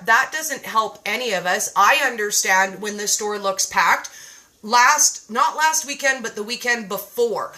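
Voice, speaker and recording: A woman hosting a casual live-stream chat, reading viewer comments aloud in an animated way. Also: medium pitch, rough recording. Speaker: live show host. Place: home.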